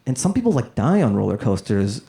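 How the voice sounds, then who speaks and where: A man's voice: lowish voice, very animated, fairly quick, vocal fry, warm tone. A man doing stand-up comedy, trying out new material in a loose, rambling way on a comedy club stage. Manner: loose, rambling, full of "like" fillers. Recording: live comedy club with crowd laughter.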